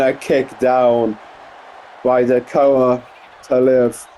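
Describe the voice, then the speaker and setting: A man giving play-by-play commentary over a wrestling video game, getting excited on big moves and rambling into asides full of fillers. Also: medium pitch, normal speed, slight background noise. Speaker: gameplay commentator.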